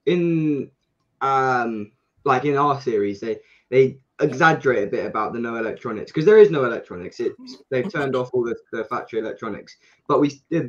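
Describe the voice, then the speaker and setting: Young man from Kent, dull remote audio. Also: mid-range voice. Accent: Kent English. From England, Kent. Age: young adult. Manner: explains at length with many fillers and restarts. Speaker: guest, junior supersport racer. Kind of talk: casual podcast chat.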